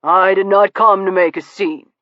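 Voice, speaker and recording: Woman doing a suave courtly gentleman, measured and polite, dull lo-fi sound, dry. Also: medium pitch, steady tone, no echo, pitched above the performer's own voice, close to an everyday voice. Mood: smoothly polite. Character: suavely polite male visitor, calmly needling. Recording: dull lo-fi audiobook recording.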